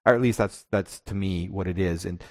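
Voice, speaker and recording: A man's voice: deep voice, fairly quick, dry recording, clean studio sound. A male podcast co-host chatting casually and reflectively about tabletop games, often restarting his sentences.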